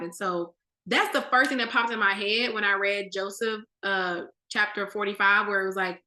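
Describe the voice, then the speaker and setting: A woman leading a casual, animated Bible study. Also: fairly high pitch, echoey room. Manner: animated, conversational, with slang.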